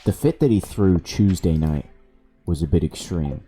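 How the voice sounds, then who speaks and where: Deep, mellow-voiced man streaming games. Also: moderate pace, soft background music. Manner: swears freely, laughs while telling stories. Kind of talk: casual storytelling while gaming. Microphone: desk microphone.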